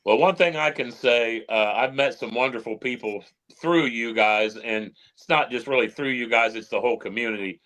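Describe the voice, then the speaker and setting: A man hosting a casual interview, asking relaxed, rambling questions. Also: medium pitch, normal speed, hardly any pauses. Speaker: host.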